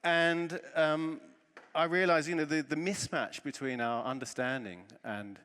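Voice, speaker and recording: A man giving a conference talk, telling a self-deprecating story with lively humor from the stage. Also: on the high side, a little slow, clear, resonant tone. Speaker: conference speaker. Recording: long reverb of a large hall.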